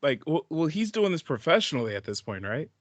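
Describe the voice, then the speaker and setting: A man co-hosting a podcast in casual chat, a relaxed, agreeable listener who adds short remarks. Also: a little high, fairly quick, no echo. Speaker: podcast co-host.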